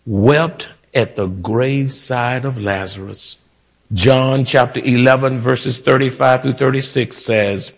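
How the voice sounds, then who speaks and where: Slow-preaching man with dramatic swells. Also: medium pitch, fairly even intonation, creaky. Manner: slow, drawn-out preaching with emotional rises and hushed drops. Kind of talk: sermon.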